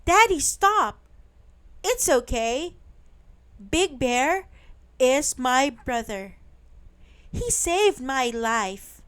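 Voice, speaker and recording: Woman voicing a bright, eager little boy. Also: expressive, clear, resonant tone, full character voice. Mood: urgent. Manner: eager, high and quick. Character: small excited young boy.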